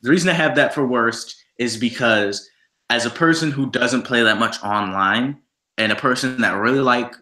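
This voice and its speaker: A man's voice: mid-range voice, pushed and bright, reverberant. A man co-hosting a podcast, chatting casually about video games, rambling and repeating himself as he rants. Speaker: podcast co-host.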